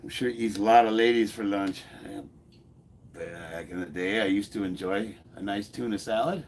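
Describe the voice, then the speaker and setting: A man's voice: fairly low pitch, normal speed, slight background noise. A man in his forties chatting casually in his home garage gym, reading comments aloud, blunt and joking, laughing often and swearing freely. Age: 40s. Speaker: fitness YouTuber.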